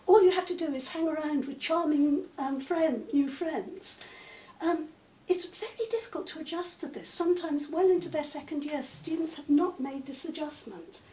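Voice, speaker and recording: Older woman, high mellow voice, measured academic answers, recorded far off in an echoey room. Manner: measured, articulate, many "um" pauses. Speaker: interviewee, literature professor. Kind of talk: conversational interview. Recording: echoey room, mic at a distance, faint noise.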